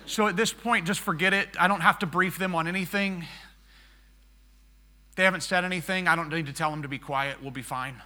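A man with a very bright, forceful voice that sits a little high delivers a sermon as a story. He acts out the exchanges with energy, then drops to a soft, hushed tone when he reflects. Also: steady tone, a little fast. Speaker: missionary pilot preaching.

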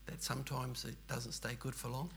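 An older Australian man tells his own story with a gravelly, creaky edge to his voice. He speaks earnestly and emphatically, and his sentences ramble and circle back. A faint hiss sits under the recording. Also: medium pitch, flat delivery, moderate pace, fairly bright tone. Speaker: churchgoer telling his story. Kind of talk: personal testimony storytelling.

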